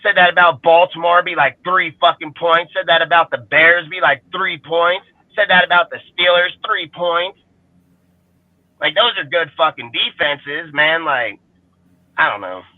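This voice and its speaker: A man's voice: fairly high pitch, normal speed, no echo. A man ranting heatedly about his football team in profane fan commentary. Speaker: fan show panelist. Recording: phone-like call audio, dry.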